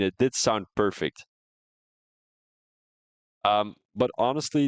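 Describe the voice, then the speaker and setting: The speaker is a man with a lowish voice, recorded dry, chatting casually at the close of his sim racing league live stream. He answers viewers' comments through his headset mic as the post-race talk continues.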